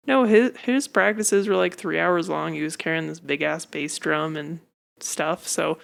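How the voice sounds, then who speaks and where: A woman's voice: low-pitched, steady tone, unhurried, creaky. A woman hosting a casual podcast chat, blunt and teasing toward her co-host. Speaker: podcast host, fitness coach.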